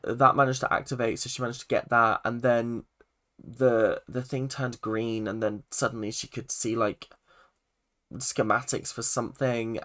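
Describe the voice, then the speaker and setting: A man's voice: medium pitch, little pitch movement, measured pace, fairly bright tone. A young man casually reviewing a TV episode, rambling with lots of "like" and restarts. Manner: rambling, full of "like" and self-corrections. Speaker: film and TV reviewer.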